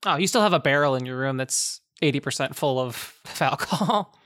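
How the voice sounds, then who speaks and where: A woman's voice: a bass voice, animated, moderate pace, a bit bright, no echo, clean studio sound. A woman game master narrating a tabletop game in a rambling way, with lots of restarts and laughs.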